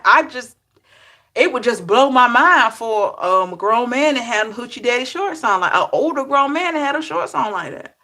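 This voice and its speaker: A woman tarot reader chatting casually with her live-stream viewers, laughing and talking back to them by name, with drawn-out, disbelieving exclamations. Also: fairly high pitch, animated, bright, forceful tone.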